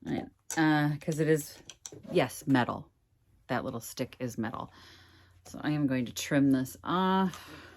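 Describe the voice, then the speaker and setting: A woman's voice: deep voice, a little slow, pauses often, darkish tone, slight background noise. A woman chatting casually while she crafts, thinking aloud as she works, with a slight Southern American accent that slips in and out. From United States. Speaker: craft vlogger.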